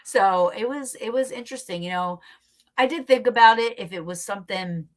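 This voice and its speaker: A woman guest telling a story in a casual, animated way, laughing often and swearing freely. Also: medium pitch, normal speed.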